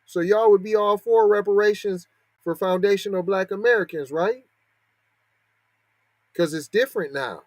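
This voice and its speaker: A man's voice: high voice, normal speed, pauses often, darkish tone, dry recording. A man hosting a podcast, giving heated, sarcastic commentary with a string of rhetorical questions. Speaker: podcast host. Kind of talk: heated commentary on a news story.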